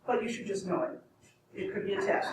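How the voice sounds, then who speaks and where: A woman's voice: brisk, a little mellow, a little hiss or hum. A woman telling a comic myth to a live audience, rambling with wry asides and self-corrections. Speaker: storyteller. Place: live event room. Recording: echoey room from far off.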